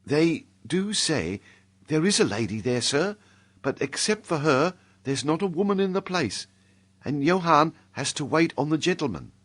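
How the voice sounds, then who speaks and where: A man's voice: fairly high pitch, very animated, normal speed, fairly bright tone, pitched above the performer's own voice. A man with a British accent reading an audiobook, voicing a timid young serving maid in a deferential, hesitant manner. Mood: shy. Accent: British English. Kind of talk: audiobook character voice.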